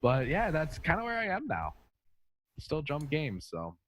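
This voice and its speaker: A man's voice: on the high side, huge pitch swings, unhurried. A man co-hosting a casual gaming podcast, rambling through stories and laughing often. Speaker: podcast co-host.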